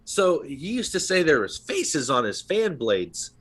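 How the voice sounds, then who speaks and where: A man's voice: fairly high pitch, sing-song, measured pace, fairly bright tone, husky. A man in his thirties talking casually on a podcast, rambling through a story with many fillers and asides. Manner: rambling storyteller, full of "you know what I mean". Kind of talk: casual conversation.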